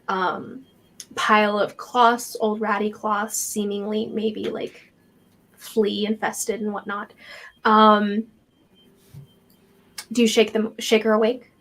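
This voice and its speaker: A woman's voice: mid-range voice, flat delivery, slow pace, long pauses. A woman narrating as game master, describing scenes with many fillers.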